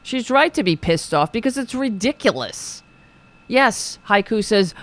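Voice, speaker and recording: A woman's voice: mid-range voice, expressive, unhurried. A woman hosting a political show, ranting in a profane, sarcastic, exasperated way while reading viewers' chat.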